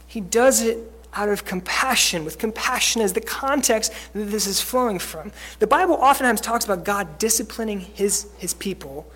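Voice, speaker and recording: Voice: medium pitch, a bit bright. A preacher giving a sermon in a conversational way, using many fillers and acting out quoted lines.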